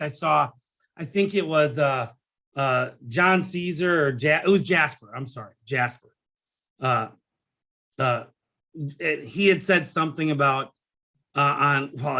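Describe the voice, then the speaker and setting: A middle-aged man talks through his solo podcast in a loose, rambling way, often stopping to restart a sentence. His voice sits a bit high for a man and has a bright, forceful edge. He gets openly emotional and swears now and then without a second thought. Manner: swears casually. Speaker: podcast host and business coach. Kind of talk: casual solo podcast monologue.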